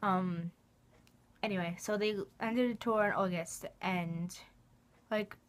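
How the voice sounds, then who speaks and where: A woman's voice: mid-range voice, steady tone, slow. A young woman in a casual fan vlog, talking in an emotional, rambling way with lots of "like". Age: young adult. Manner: rambling, emotional, heavy use of "like". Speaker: vlogger.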